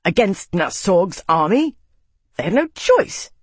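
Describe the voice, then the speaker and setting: A man's voice: high-pitched, wildly swooping pitch, normal speed, breathy edge, dry recording, pitched above the performer's own voice, exaggerated voice. A man voicing a brash, hot-tempered young male soldier who speaks bluntly. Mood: heated. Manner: blunt, heated outbursts.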